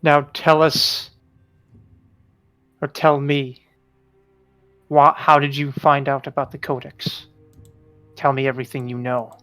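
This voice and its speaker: A man voicing an impatient adventurer who interrogates a captive in a slow, threatening way. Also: mid-range voice, level tone, fairly bright tone, soft background music. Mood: menacing.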